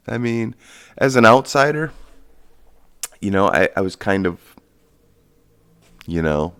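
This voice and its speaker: A man's voice: mid-range voice, very animated, measured pace, creaky, pauses often, clean tone. A man hosting a podcast, ranting in a casual, sarcastic and profane way, rambling with lots of fillers. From Michigan, USA. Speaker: podcast host. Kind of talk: casual solo rant.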